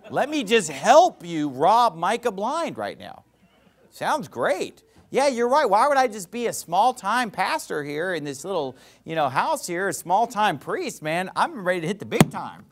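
A man voicing a greedy young priest who jumps at a better offer, talking in a casual, flippant, eager way with a high, lively voice. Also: measured pace, exaggerated voice.

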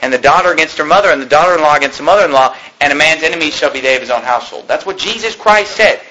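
Bright-voiced male pastor preaching emphatically. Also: on the high side, lively intonation, racing, lo-fi sound, slight background noise. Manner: emphatic preaching, rising to shouts at points. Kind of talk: sermon.

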